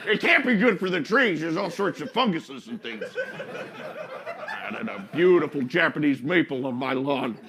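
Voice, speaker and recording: A man voicing a gruff detective in a live improv comedy scene, talking in a deadpan, grumbling way, with an audience laughing behind. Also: fairly high pitch, measured pace, a crowd in the background, heavily acted.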